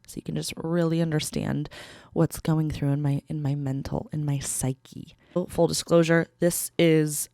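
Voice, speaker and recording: A woman's voice: low voice, no echo. A young woman hosting a solo podcast, chatting in a rambling casual way with lots of fillers, recorded in a small studio. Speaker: podcast host. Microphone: studio mic.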